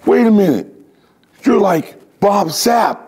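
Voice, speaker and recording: A man's voice: sits high, animated, takes it slowly, a little mellow, husky, pitched above the performer's own voice, heavily acted. A man doing a gushing starstruck fan. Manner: gushing, repeating himself. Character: excited starstruck young male fan.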